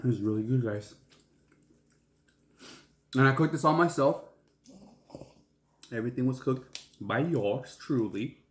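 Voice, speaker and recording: A man talks slowly and easily in a casual eating video, often with his mouth full and sprinkling in Spanish exclamations. His voice sits in a middle range, and it bounces around a roomy, echoey space. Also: mid-range voice, slight background noise. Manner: slow and relaxed, mixing in Spanish exclamations. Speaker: food vlogger. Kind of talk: casual mukbang chat while eating. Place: at home. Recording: roomy echo.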